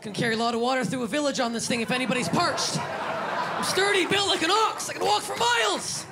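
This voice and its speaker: Onstage at a comedy venue, a brash Canadian comedian in her 30s delivers a stand-up set into a handheld microphone, speaking briskly in a high, gravelly voice. She pokes fun at herself and yells her punchlines over a loud crowd in a noisy live room.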